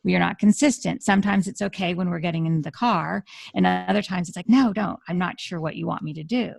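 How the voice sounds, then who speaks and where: Gravelly low-voiced woman explaining earnestly. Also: fairly even intonation, fast, darkish tone, no room sound, studio quality. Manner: earnest, explaining with many restarts. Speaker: dog communicator guest. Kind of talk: radio interview conversation.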